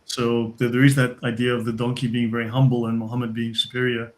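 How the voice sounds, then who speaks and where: Male live-stream host, even and flat, moderates the panel and keeps it on track. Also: medium pitch, fast talker. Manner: steers the discussion, reads out donations.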